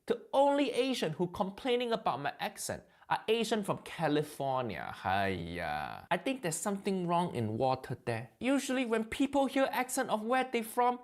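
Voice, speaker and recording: A man putting on a blunt, cheeky middle-aged Malaysian uncle with a thick Malaysian accent and clipped broken-English grammar. He mocks freely, with his pitch leaping up and down in lively swings between loud outbursts and low grumbles. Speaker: comedian.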